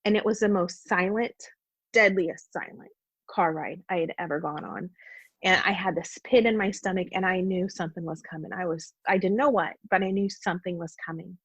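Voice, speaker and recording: As a podcast guest, a woman with a fairly low, slightly rough voice earnestly shares a heartfelt personal faith testimony in conversation, speaking at normal speed. The podcast audio is dull and dry, with no echo.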